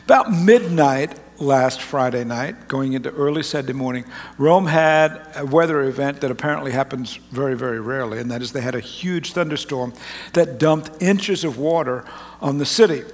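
A man's voice: medium pitch, normal speed. A man preaching to his congregation, telling a rambling personal story in a folksy, joking way with frequent restarts. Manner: folksy, rambling, self-interrupting. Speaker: pastor. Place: large church auditorium. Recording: long reverb of a large hall.

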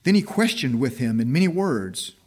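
A man with a husky voice reading scripture aloud in church, slow and emphatic. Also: medium pitch, sing-song. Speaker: scripture reader.

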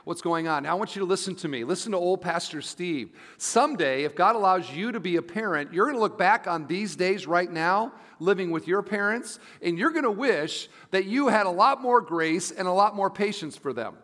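Pastor preaching in a reverberant hall. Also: male voice, high voice, lively intonation, normal speed, few pauses. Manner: conversational preaching, shifting between soft asides and emphatic rises. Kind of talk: sermon. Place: church sanctuary. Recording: long reverb of a large hall.

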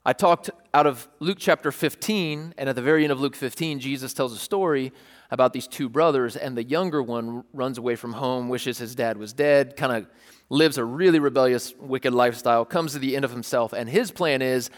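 A man preaching a sermon, animated, telling stories and acting out scenes with sudden outbursts. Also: medium pitch, moderate pace. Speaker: pastor. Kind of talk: sermon with storytelling. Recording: long reverb of a large hall.

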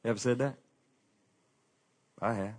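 Man, pastor, conversational sermon, candid, self-deprecating, quiet confessional asides, mid-pitched voice. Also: fairly even intonation, measured pace.

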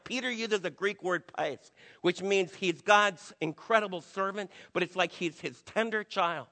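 A man's voice: sits high, unhurried, few pauses, bright, forceful tone, long reverb tail. A man preaching a sermon to his church in an emphatic, conversational way, acting out quotes. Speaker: pastor.

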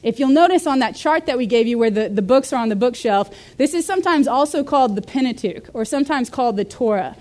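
Young woman, Bible study teacher, lively and conversational, slightly high voice. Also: fast, few pauses. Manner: lively, conversational, uses rhetorical questions. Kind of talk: teaching a class.

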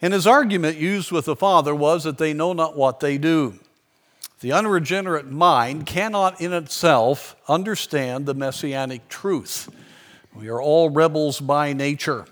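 A man preaching a sermon, telling a story in an earnest way and slowing down for emphasis. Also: fairly high pitch, a bit bright.

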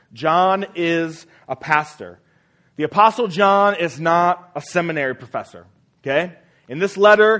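A man preaching a sermon as pastor, earnest and fond of repeating phrases for emphasis, letting his voice fall soft at the ends of sentences. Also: on the high side.

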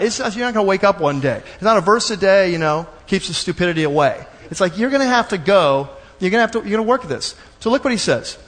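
A man preaching a sermon in a lively, conversational way, acting out little asides for the congregation. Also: high voice, big-room sound. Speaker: pastor.

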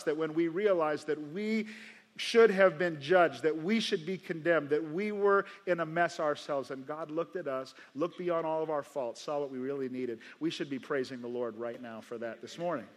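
A male pastor preaching a sermon to a congregation, emphatic, slowing down to repeat key phrases. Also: high voice, fairly bright tone. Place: church sanctuary before a congregation. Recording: long reverb of a large church hall.

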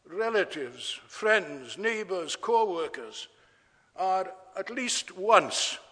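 A man with a high voice preaches slowly and deliberately, stressing and repeating his key words. His sermon rings out with a long reverb, as in a church hall. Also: fairly bright tone.

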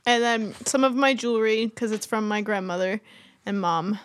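A woman's voice: a little high, moderate pace, slight background noise. A woman co-hosting a podcast in casual chat, giggling often and teasing her co-host.

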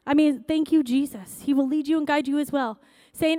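A woman pastor preaching a sermon in a conversational, excitable way that rises to shouting. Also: sits high, moderate pace, dry recording, clean studio sound.

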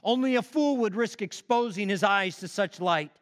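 Fearful, defiant cave dwellers crying out loudly, as a preacher acts them out. The voice climbs high and leaps about, and it is loud and strained. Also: male voice, animated, normal speed. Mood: fearful, hostile.

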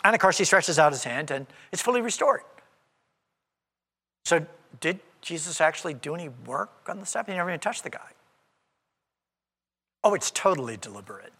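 A male preacher with a high, bright voice that swings widely in pitch, delivering an animated, conversational sermon. A long hall reverb trails behind each phrase. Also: husky. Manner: animated and conversational, acts out quoted speech. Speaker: pastor.

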